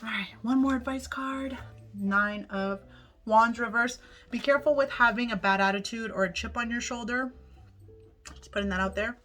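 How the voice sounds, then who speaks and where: With music playing underneath, this woman reads tarot for her viewers in an upbeat, conversational style, addressing them head-on and not holding back on swearing. Her voice is fairly high and a bit bright, at a normal speed.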